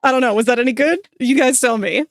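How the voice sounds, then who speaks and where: Soft-spoken woman streamer. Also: sits high, no room sound. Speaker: livestreamer. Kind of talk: casual stream chat. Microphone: desk microphone.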